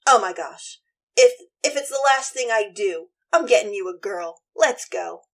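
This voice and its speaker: A woman's voice: medium pitch, expressive, unhurried. A woman voicing Benvolio as a slangy, exasperated young man who is fed up with his cousin. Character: casual impatient young male cousin.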